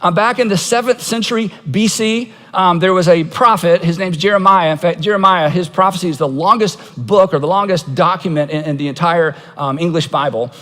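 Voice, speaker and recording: High-voiced male pastor in a hall. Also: fairly quick, hardly any pauses, fairly bright tone. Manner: conversational storytelling, acting out quoted voices with humor. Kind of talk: sermon.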